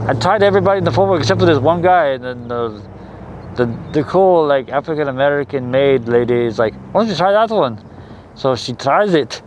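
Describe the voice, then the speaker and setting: A man's voice: medium pitch, slight background noise, poor audio. A man hosting a casual movie commentary, rambling and swearing freely as he talks. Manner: rambling, profane, laughs often. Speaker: host.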